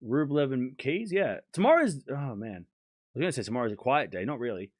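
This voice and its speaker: A man with a sore throat hosting a tennis livestream, chatting casually to his viewers in a blunt, animated way and scolding them when they get rude. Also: medium pitch, brisk, dry recording, clean studio sound.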